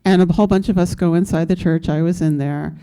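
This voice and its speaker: A woman's voice: on the low side, fairly even intonation, fast talker, dark tone, smooth. A woman in her fifties speaking on a panel, telling stories from her activist past in a candid way, with fillers and laughs. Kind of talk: recounting activist history on a panel.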